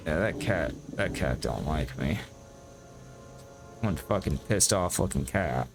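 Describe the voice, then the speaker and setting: A man's voice: rumbling low, animated, slow, vocal fry, soft background music. A man giving casual gameplay commentary, rambling, swearing freely and poking fun at himself. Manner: profane, rambling and self-deprecating. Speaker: gameplay streamer.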